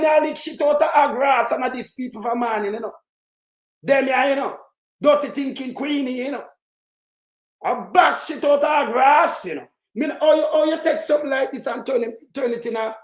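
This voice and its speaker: A speaker with a Jamaican accent giving an angry, profane political rant that keeps breaking into shouts. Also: high-pitched. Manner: profane, heated, shouts in bursts. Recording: roomy echo.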